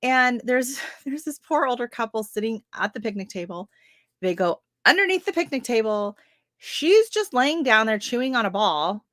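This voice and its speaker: A woman's voice: a little high, lively intonation, normal speed, a bit bright, no echo, studio quality. A woman in her thirties from Canada hosting a casual gardening livestream, telling stories with lots of fillers and frequent laughs into a webcam at home. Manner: chatty storyteller, laughs often, many fillers. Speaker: gardening channel host.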